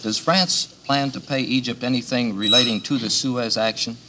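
A man's voice: mid-range voice, steady tone, moderate pace, very noisy. A man, a news reporter on a press panel, asking direct and pressing follow-up questions.

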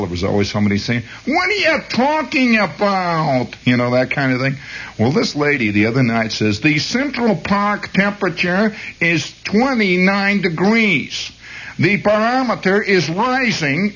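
A man's voice: medium pitch, slightly rough, muffled recording. A man rambling hesitantly as host of a late-night radio monologue. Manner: meandering, hesitant, chuckling.

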